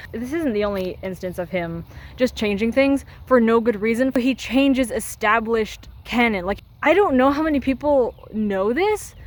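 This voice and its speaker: A woman's voice: a little high, poor audio. A young woman giving casual critical commentary, ranting with exasperated sarcasm. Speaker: video essayist.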